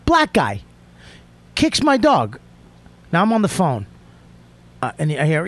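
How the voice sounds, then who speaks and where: A male podcast host with a high, very lively voice that jumps all over the place. He swears constantly and tells a heated comedic story, often breaking into shouts. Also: normal speed, no echo. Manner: profane, emphatic, swings into shouting.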